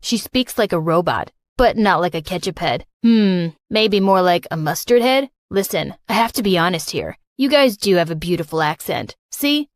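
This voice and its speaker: A woman's voice: lowish voice, expressive, normal speed, hardly any pauses, no echo, clean studio sound, pitched below the performer's own voice. A woman doing a sneering teenage boy bully. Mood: mocking. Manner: teasing, sneering. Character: smirking teenage boy bully, rich and mocking.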